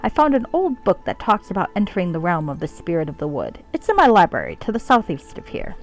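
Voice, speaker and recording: A woman's voice: lowish voice, wildly swooping pitch, fast, soft background music. A woman voicing a vain young sorceress who keeps praising her own beauty. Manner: preening, self-admiring.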